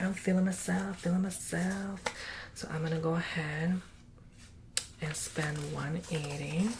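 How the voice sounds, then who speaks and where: Gravelly whispering man, sassy ASMR tutorial. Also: on the high side, background noise. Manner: playful and sassy, calls the listener honey. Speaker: ASMR creator.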